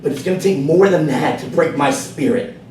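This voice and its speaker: Guy giving an earnest personal speech, soft then emphatic, picked up from far off in a roomy hall. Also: fairly high pitch, normal speed. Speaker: club speaker. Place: meeting room. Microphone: far camera. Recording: echoey room from far off, faint noise.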